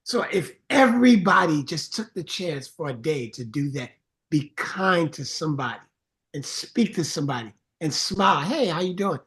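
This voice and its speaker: A man's voice: on the high side, animated, moderate pace, a bit bright. A middle-aged man speaking as a guest in a casual interview, telling earnest stories and acting out the voices of the people in them. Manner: earnest storyteller, acts out quoted voices. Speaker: songwriter and producer guest.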